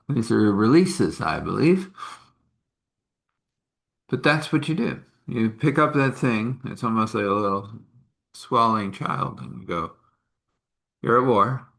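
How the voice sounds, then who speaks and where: A spiritual healer hosts a live meditation talk and storytelling session, rambling along in a chatty way, laughing and apologizing when he yawns. His voice is fairly low and fairly bright, expressive and creaky, and he speaks slowly with long pauses.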